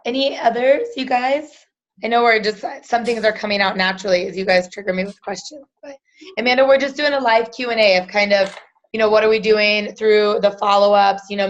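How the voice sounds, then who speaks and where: A woman's voice: mid-range voice, dull audio. A woman hosting an unscripted live Q and A, chatty and full of fillers, acting out quoted conversations. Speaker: team leader hosting a live Q and A. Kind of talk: unscripted live coaching chat.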